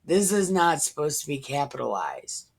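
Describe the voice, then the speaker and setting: A woman's voice: low voice, big pitch swings, moderate pace, vocal fry, husky. A woman in her thirties reading the Bible aloud and musing over it in a casual, irreverent way. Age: 30s. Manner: musing, irreverent, slips into whispers. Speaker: Bible reader.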